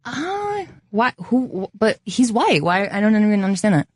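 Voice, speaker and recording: A woman chatting on a radio show, talkative and quick to laugh, close on a studio mic. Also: medium pitch, big pitch swings, darkish tone, breathy edge, dry recording. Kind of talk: casual radio chat.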